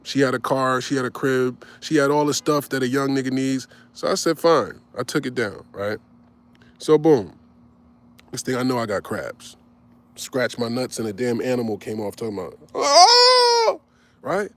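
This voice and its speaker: A man's voice: medium pitch, normal speed. Slangy man telling a story. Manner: animated, slangy, with frequent asides. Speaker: host. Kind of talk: casual storytelling.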